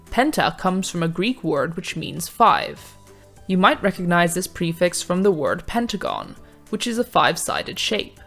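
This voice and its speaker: A woman reading a scripted revision lesson in a measured, clear teaching manner. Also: on the low side. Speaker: revision tutor. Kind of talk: scripted educational narration.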